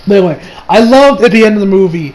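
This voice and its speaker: A man casually reviewing a film on his channel, excitable and rambling, swearing freely and laughing often. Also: high voice, fast talker, background noise. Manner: rambling with many restarts and fillers. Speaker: movie reviewer.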